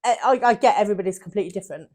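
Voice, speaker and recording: A woman's voice: medium pitch, rapid-fire, darkish tone. A woman, co-hosting a podcast, reacting to a story with short dry quips. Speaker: podcast co-host. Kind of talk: casual chat.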